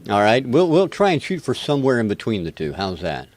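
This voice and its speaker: A man's voice: mid-range voice, big pitch swings, fairly quick, darkish tone. An American man hosting a live music review webcast, chatty and rambling with a self-deprecating touch. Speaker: show host.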